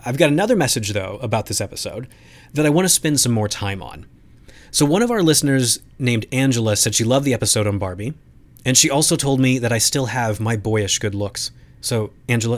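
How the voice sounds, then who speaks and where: A man of average pitch hosts his own podcast, speaking alone. He thinks aloud in a loose, conversational way, sometimes restarting a phrase before carrying on. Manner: conversational, reflective, with frequent restarts. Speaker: podcast host. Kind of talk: solo podcast commentary.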